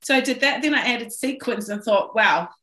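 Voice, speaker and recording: A woman's voice: fairly high pitch, brisk, a bit bright. A middle-aged woman as an interview guest, telling a personal story in an earnest, emotional way with frequent restarts. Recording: roomy echo.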